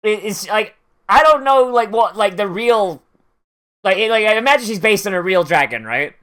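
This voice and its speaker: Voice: mid-range voice, lively intonation, normal speed, fairly bright tone. An anime reaction host giving casual watch-along commentary, rambling with lots of "like" fillers. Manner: rambling, filler-heavy "like" talk with laughs.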